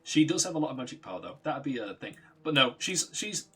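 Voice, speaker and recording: A man's voice: medium pitch, big pitch swings, quick pace, bright, forceful tone, breathy edge, soft background music. A man streaming a video game, chatting loosely and swearing freely as he rambles and corrects himself. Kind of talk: casual chat while playing a game.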